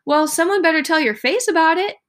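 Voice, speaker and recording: A woman's voice: very high-pitched, a little fast, voice pushed up. A woman reading aloud as a bold, chatty schoolgirl who teases her friends. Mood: teasing. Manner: lively, teasing.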